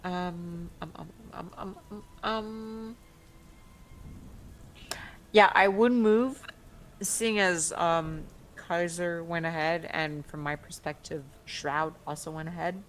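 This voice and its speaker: Slow, hesitant woman with hiccups. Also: lowish voice, slight background noise. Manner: hesitant, many ums. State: has the hiccups. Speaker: player.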